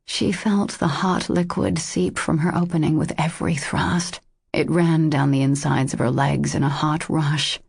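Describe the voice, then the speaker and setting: A woman narrating a romance audiobook in a slow, intimate reading. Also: low-pitched, steady tone, vocal fry, darkish tone, slightly rough, dry recording, clean studio sound.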